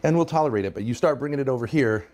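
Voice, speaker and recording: A man's voice: mid-range voice, very fast, darkish tone. A man in casual commentary, ranting bluntly and profanely, often repeating himself. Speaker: stream guest commenting on drama.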